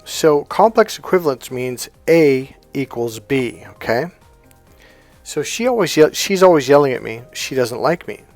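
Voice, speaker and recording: A man's voice: medium pitch, expressive, measured pace, a little mellow, soft background music. A middle-aged man explaining coaching techniques in an informal teaching monologue, acting out quoted dialogue as he goes. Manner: conversational, acts out quoted dialogue. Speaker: life coach and NLP trainer.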